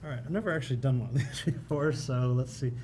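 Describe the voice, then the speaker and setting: A man's voice: mid-range voice, fast, background noise. A man serving as a city councilor, explaining an item hesitantly with many fillers at a council meeting.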